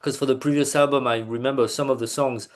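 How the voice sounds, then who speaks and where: A man, a band's bassist, chatting loosely as an interview guest over a video call, with lots of fillers and restarts. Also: steady tone, quick pace. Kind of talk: casual interview chat.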